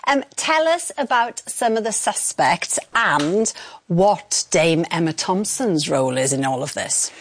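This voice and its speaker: A woman's voice: on the low side, animated, measured pace, a little hiss or hum. A woman from the UK interviewing a guest in a bubbly, chatty way. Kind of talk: casual interview chat.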